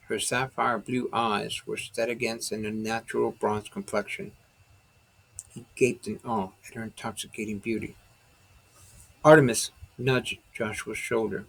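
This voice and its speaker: A man narrating his own novel as an audiobook, in steady dramatic storytelling. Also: fairly low pitch, vocal fry, breathy edge, poor audio.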